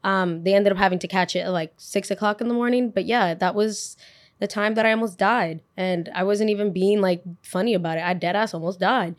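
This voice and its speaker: Animated young woman telling a story. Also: medium pitch, brisk. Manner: animated, expressive, with frequent swearing. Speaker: podcast host. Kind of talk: casual storytelling.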